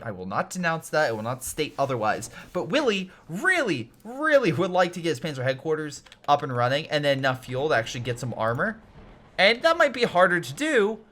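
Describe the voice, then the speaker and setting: A man giving casual commentary on a strategy game replay, excitable and ranting, swearing and swinging from mutters to yells. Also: a little high.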